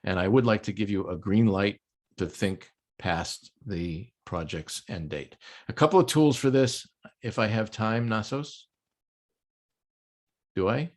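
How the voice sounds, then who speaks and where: A man's voice: fairly low pitch, lively intonation, a little slow. An older man from the United States lecturing a project management audience in a conference talk, explanatory with frequent ums and light jokes. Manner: explanatory, occasional filler ums, light joking.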